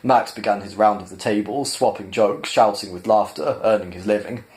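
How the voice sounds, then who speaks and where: Low-voiced man reading a novel aloud. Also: moderate pace, darkish tone. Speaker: reader. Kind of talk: audiobook-style storybook reading.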